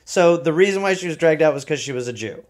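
A man reacts to his co-host on a casual comedy podcast with incredulous, sarcastic remarks, often stopping and restarting his sentences. His voice sits somewhat high and moves a lot in pitch. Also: animated, fast talker.

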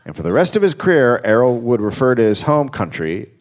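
A man's voice: mid-range voice, big pitch swings, fairly quick. A man hosting a live comedy podcast, telling a story in a dry, wry way with crude asides. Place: live show on stage.

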